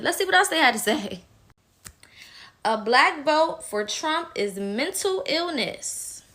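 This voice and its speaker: Female vlogger, blunt opinion commentary, slightly high pitch, sharp bright tone. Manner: blunt, emphatic, swears when riled. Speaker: political commentator.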